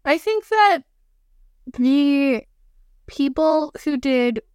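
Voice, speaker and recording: A young woman co-hosting a podcast in casual chat, animated and quick to act out little quoted lines. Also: sits high, no room sound, clean studio sound. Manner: chatty, animated, quotes herself in voices. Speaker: podcast co-host.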